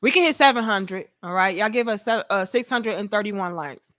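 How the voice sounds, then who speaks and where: Woman vlog host, blunt and profane, bright, forceful tone. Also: mid-range voice, normal speed, no room sound, clean studio sound. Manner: blunt, profane, talks straight to the viewers. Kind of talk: casual commentary vlog.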